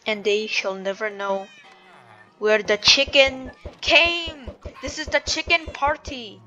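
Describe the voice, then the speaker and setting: A woman's voice: mid-range voice, completely flat delivery, normal speed, fairly bright tone, highs cut off, faint music behind, natural voice. A woman voicing a theatrical prankster in a chicken costume, using a mock-grand put-on accent. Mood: gleeful.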